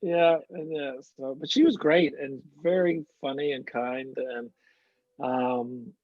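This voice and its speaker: A man, an actor guest, telling stories in a relaxed interview with lots of restarts. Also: mid-range voice, takes it slowly, no room sound. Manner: anecdotal, warm storytelling with frequent restarts. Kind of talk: casual interview chat. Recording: muffled, dry lo-fi audio.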